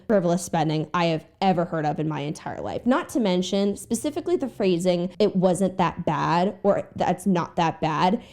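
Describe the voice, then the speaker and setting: Animated, mellow-voiced woman commentator. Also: mid-range voice. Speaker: commentary YouTuber. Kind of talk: commentary and reaction.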